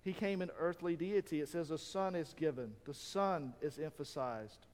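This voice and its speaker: Man, preacher, high voice, sermon with rhetorical questions, long hall reverb. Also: moderate pace, a little mellow. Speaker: pastor.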